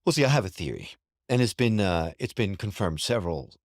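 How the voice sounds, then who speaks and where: A male podcast host with a fairly low voice talks in a friendly, halting way, restarting his words. The recording is close and dry. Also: big pitch swings, no room sound. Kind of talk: casual chat.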